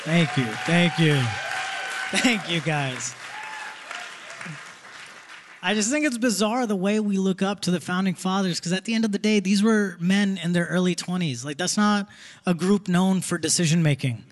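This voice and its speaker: A young man in his twenties performing a live stand-up set, with quick conversational punchlines. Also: high voice. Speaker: stand-up comedian. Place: theater stage with live audience. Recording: live audience laughter, faint crowd noise.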